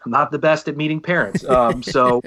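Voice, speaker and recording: A man in his thirties, who co-hosts a casual podcast and sings in a band, speaks in a mid-range voice at a slightly fast clip. He's an animated storyteller, acting out other people's lines.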